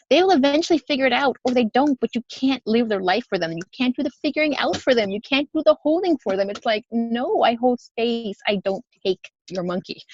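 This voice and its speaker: Animated woman on a lo-fi podcast. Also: on the high side. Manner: animated storytelling, laughs often. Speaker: podcast co-host. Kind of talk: casual spiritual chat.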